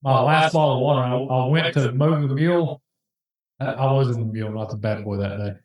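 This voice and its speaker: A man telling a long story in casual chat, rambling with animated asides and restarts. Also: medium pitch, fairly quick. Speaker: podcast host telling a hunting story. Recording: very echoey room.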